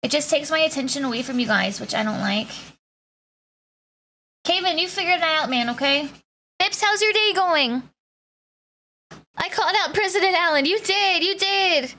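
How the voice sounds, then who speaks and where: High, bright-voiced woman streamer. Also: animated, moderate pace, long pauses. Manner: chatty, greets viewers by name, playful slang. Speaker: Twitch streamer. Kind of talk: casual live-stream chat with viewers.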